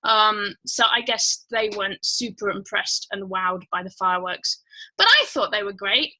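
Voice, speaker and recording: A woman's voice: mid-range voice, animated, moderate pace, bright, forceful tone, poor audio. A woman hosting a casual livestream. She chats in a rambling way with many fillers and greets viewers one by one. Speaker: livestream host.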